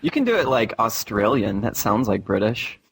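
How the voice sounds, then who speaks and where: A man's voice: fairly low pitch, very animated, normal speed, gravelly, a bit bright, husky. A man talking casually as a podcast guest, in an easygoing, rambling way with lots of fillers.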